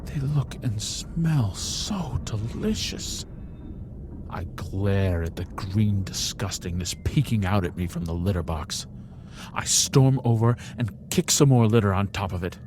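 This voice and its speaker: A man's voice: lowish voice, background noise. A man reading a story aloud in the first person, theatrically, with sudden whispered asides. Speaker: storybook reader.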